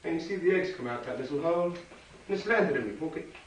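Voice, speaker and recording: A man with a fairly high, lively voice talks fast while performing as a clown for children, telling a playful story and doing a magic trick. He's chatty and teasing, and the recording sounds echoey and distant in a noisy venue.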